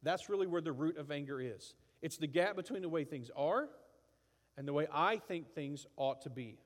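A middle-aged man preaching in a relaxed, conversational way, with long reverb from a large hall. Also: a little high, moderate pace. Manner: conversational, acts out angry outbursts. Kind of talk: sermon.

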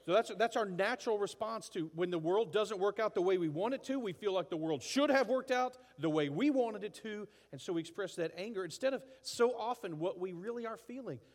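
Conversational preacher in a reverberant hall. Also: male voice, high-pitched, a little fast, few pauses. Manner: conversational, acts out angry outbursts. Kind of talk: sermon.

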